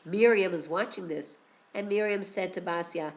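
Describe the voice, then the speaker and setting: A woman teacher telling a story to children, animated and expressive, often asking questions. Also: lowish voice, normal speed, creaky.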